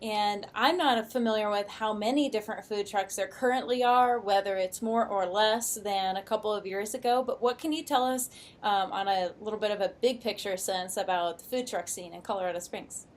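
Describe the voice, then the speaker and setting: A woman's voice: medium pitch, moderate pace. A woman hosting a podcast, asking a guest friendly, appreciative questions. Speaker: podcast host. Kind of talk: interview questions.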